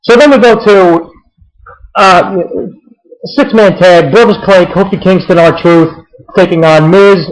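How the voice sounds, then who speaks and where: A man's voice: high-pitched, takes it slowly, rough recording. A young man casually recapping a wrestling show, rambling with many fillers and restarts and swearing freely.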